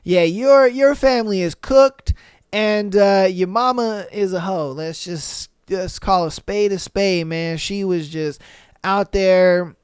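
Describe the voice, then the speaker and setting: A man hosting a podcast, reading posts aloud and reacting bluntly in slangy talk with loud exclamations. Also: sits high, slow pace, clean tone, no room sound, clean studio sound. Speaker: podcast host.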